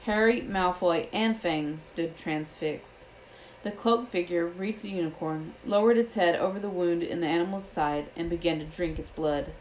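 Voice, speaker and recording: A woman reading a children's fantasy novel aloud in a steady storytelling manner. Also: fairly low pitch, normal speed, a little hiss or hum, poor audio. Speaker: audiobook reader.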